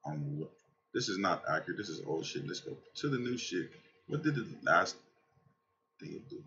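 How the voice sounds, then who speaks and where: A man giving casual, excitable trading commentary over a screen share, swearing and talking straight to his viewers, tired from a night without sleep. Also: low-pitched, a little fast, dull audio, a little hiss or hum. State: tired from staying up all night. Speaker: crypto trading channel host.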